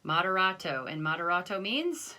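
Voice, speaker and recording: A woman's voice: fairly low pitch, big pitch swings, moderate pace, bright, forceful tone, a little hiss or hum. A woman band teacher recording a video lesson, counting off beats and explaining patiently with self-deprecating asides.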